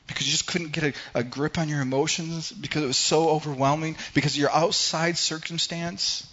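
A man preaching a sermon in an earnest way, often repeating words and dropping low and quiet for emphasis. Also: lo-fi sound. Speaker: pastor.

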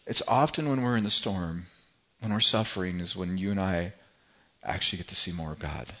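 A man preaching a sermon in an earnest voice, repeating words and phrases as he builds and softens his delivery. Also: low voice, fairly quick, lo-fi sound. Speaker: pastor.

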